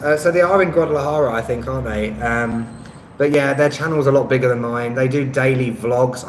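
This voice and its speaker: A man's voice: medium pitch, reverberant, a little hiss or hum, rough recording. A man hosting a casual live-stream chat, answering viewers' comments in a rambling, hesitant way with lots of ums and self-deprecating asides. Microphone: phone on a stabilizer.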